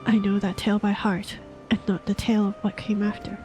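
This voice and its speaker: A woman's voice: medium pitch, little pitch movement, fairly quick, over music, close to an everyday voice, rough recording. A woman voicing a solemn, regretful old male knight who mentors two young fighters. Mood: reflective.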